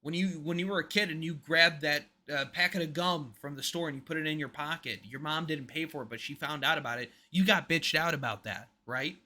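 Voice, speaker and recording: A man's voice: fairly high pitch, brisk, hardly any pauses, sharp tone. A man co-hosting a podcast, talking in casual opinionated chat. He is emphatic and rambling, and his voice drops to a mutter at the ends of his points. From United States. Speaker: podcast co-host.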